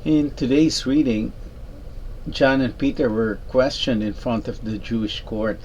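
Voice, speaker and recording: Calm man reflecting on a reading. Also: mid-range voice, unhurried, highs cut off, slight background noise. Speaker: prayer leader giving a reflection. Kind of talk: spoken reflection on scripture.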